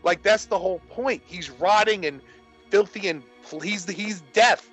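A man's voice: sits high, measured pace, fairly bright tone, slightly rough, soft background music, low-quality recording. A man talking casually about horror films, rambling with many restarts. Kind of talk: casual movie discussion.

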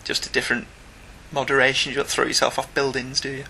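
A British man talks casually about comics as a podcast co-host, chatty and quick with a joke. His voice is middle-pitched with a sharp, bright edge. A faint hiss sits under the recording. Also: creaky. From Britain. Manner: chatty, jokey, animated.

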